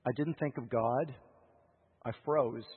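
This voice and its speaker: A man preaching a sermon in a husky voice, telling a story with emotional swings between loud urgency and hushed lows, heard over a tinny radio broadcast. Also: fairly even intonation, takes it slowly. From United States. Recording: tinny radio broadcast with long hall reverb.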